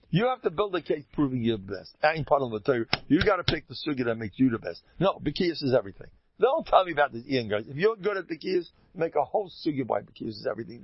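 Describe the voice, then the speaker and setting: A man's voice: mid-range voice, breathy edge, dry recording. A man giving an informal, emphatic Torah talk as a teacher, often repeating phrases for stress. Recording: dull lo-fi dry recording.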